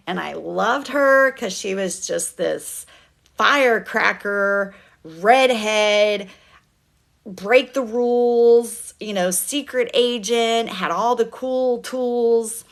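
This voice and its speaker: Chatty woman on a live stream, rambling with a bright, unhurried voice. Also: medium pitch. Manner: rambling, chatty, laughs often, fillers. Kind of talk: casual livestream chat.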